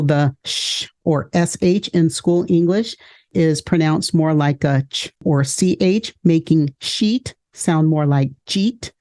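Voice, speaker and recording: A woman educator and podcast host giving a measured explanatory lecture, walking through points with examples. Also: deep voice, dark tone.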